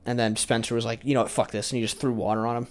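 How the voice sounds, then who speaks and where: A young man in casual chat, animated and quick to jump in with quotes and asides while recalling old times. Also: mid-range voice.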